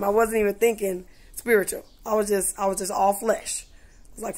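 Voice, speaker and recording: A woman vlogging in a casual, chatty way, full of "you know" and "like", who acts out conversations with lively voices. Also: medium pitch, normal speed. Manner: animated, acts out dialogue in voices. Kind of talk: casual storytelling vlog.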